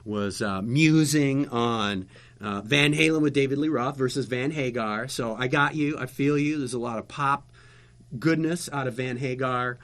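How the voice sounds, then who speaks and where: A man telling long anecdotes in a casual chat, rambling and animated with lots of fillers and restarts. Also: medium pitch, moderate pace. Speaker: guest telling stories, former local TV interviewer.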